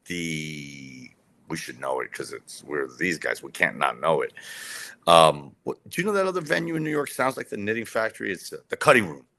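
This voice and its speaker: A documentary director tells a rambling, conversational story in an interview, full of fillers and restarts. His bass voice swings widely in pitch at a normal speed, and his tone is creaky, bright, and forceful.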